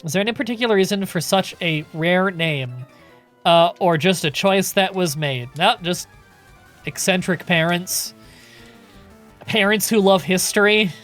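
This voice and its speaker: A man streaming a game live, chatting in a relaxed, casual way with some swearing as he answers chat questions. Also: high voice, a little slow, faint music behind.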